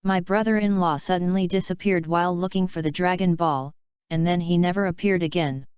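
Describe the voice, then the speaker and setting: A woman reading an impulsive young woman adventurer's lines in a flat storybook voice. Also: fairly low pitch, a little fast, smooth, no echo, lo-fi sound, natural voice.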